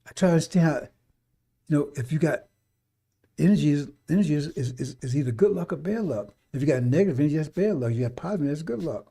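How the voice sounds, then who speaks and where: A man's voice: fairly high pitch, animated, fast talker, vocal fry, dark tone, slightly rough. A man talking on a radio stream, rambling and scolding in a folksy way, now and then mocking people in put-on voices. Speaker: radio preacher. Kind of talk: unscripted radio talk.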